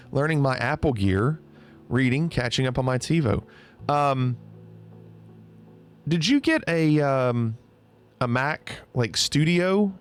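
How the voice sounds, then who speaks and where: A man's voice: medium pitch, expressive, a little slow, long pauses, clear, resonant tone. A man casually chatting on a livestream, reading out viewer comments, teasing and laughing often. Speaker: streamer.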